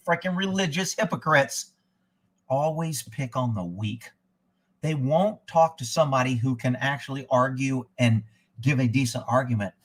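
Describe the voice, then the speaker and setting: A man's voice: mid-range voice, a bit bright. A man hosting a live stream, telling a story and ranting in heated, profane casual talk that rambles and breaks off mid-thought. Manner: rambling, with self-interruptions. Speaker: livestream host.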